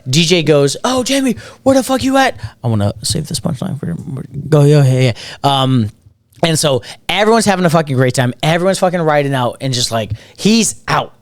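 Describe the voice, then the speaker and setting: Animated swearing man telling a story. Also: moderate pace, dry recording. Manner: animated, acts out quotes in a higher nervous voice; swears freely. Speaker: podcast co-host. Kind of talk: casual storytelling chat.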